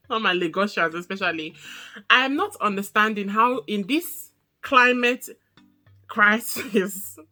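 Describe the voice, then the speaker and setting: A young woman chatting casually through a reality show recap, animated and quick to laugh. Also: soft background music. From Nigeria. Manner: animated, laughs often, mimics people in high voices.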